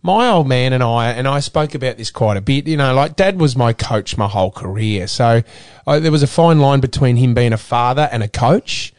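Middle-aged Australian male guest; candid, earnest, stumbles and restarts, mid-pitched voice. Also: animated, darkish tone, no room sound, clean studio sound. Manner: earnest, halting with repeated restarts. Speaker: guest, former footballer and radio presenter. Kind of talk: candid interview.

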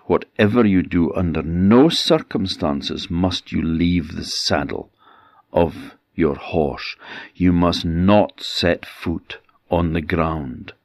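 A gentle fairy queen of old Irish myth speaks soft, earnest warnings, as an Orkney Scottish storyteller voices her. The voice is low and gravelly. It is slow and close in a dry space. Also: no echo.

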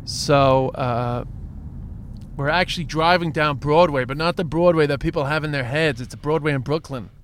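A man's voice: on the high side, moderate pace. An Irish man co-hosting a podcast in casual chat, talking in loose, restarting phrases. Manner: chatty, restarts phrases often. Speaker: podcast co-host. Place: moving car. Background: traffic and train noise.

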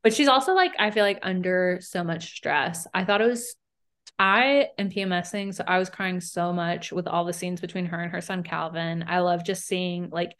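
A woman co-hosting a casual recap podcast, with a slightly low voice. She talks fast and loose, fills everything with "like", and keeps acting out quotes. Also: a bit bright. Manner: chatty, lots of "like", acts out quotes. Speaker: podcast co-host.

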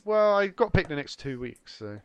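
A man's voice: on the high side, big pitch swings, moderate pace, smooth. A man co-hosting a casual podcast, chatty and self-deprecating, laughing easily. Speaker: podcast co-host. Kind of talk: casual banter.

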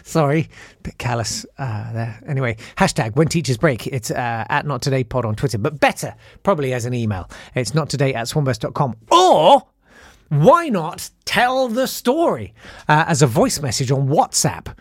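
A man's voice: mid-range voice, a little fast, slightly rough, no room sound, studio quality. A man hosting a podcast, telling a school story in a wry, self-deprecating way and acting out the people in it. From South East London. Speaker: podcast host. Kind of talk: casual storytelling monologue.

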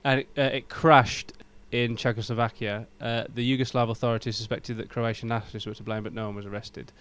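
A man's voice: mid-range voice, flat delivery, fast, a bit bright, smooth. A man co-hosting a casual podcast chat, recounting facts with a few ums. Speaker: podcast co-host.

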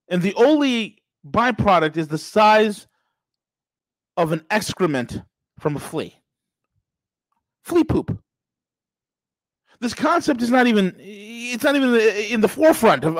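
A man with a notably high voice for a male talk host, ranting through political commentary. He is sarcastic and emphatic, and the sound is close and dry with no room echo. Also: big pitch swings, measured pace, long pauses.

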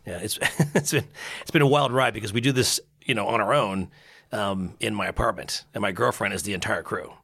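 A man, a burger expert and podcast guest, chatting casually and telling animated stories, acting out quotes and laughing often. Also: lowish voice, a little fast, gravelly. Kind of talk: casual interview chat.

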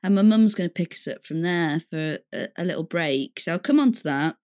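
A woman's voice: lowish voice, animated, a little fast, darkish tone. A young woman co-hosting a podcast, telling stories in a chatty way and laughing often. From England. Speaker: podcast co-host. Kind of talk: casual chat.

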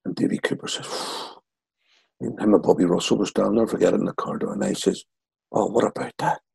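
A man in his sixties from Northern Ireland with a Northern Irish accent, telling lively stories as an interview guest. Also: lowish voice, brisk, vocal fry, slightly rough, no room sound, rough recording. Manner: lively yarn-spinner acting out quotes. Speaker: guest, former footballer. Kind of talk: anecdotal storytelling.

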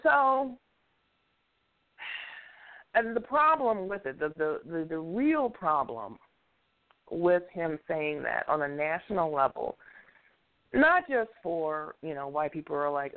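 A woman's voice: fairly low pitch, very animated, takes it slowly, creaky, pauses often. A woman giving blunt, opinionated commentary in a casual chat, chuckling now and then as she talks. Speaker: show regular giving opinions. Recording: tinny phone-like sound.

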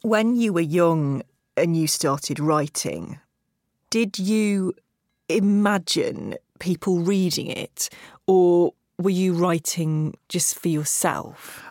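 Female interviewer, unhurried and gentle, slightly low voice. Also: no room sound, clean studio sound. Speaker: podcast host. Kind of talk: interviewing a guest.

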